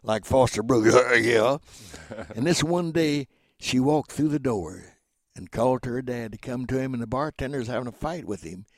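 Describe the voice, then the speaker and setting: Man in his seventies, from Oklahoma, rambling animated storyteller, mid-pitched voice, dry close sound. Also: moderate pace, dry recording. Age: 70s. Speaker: guest. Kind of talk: storytelling interview.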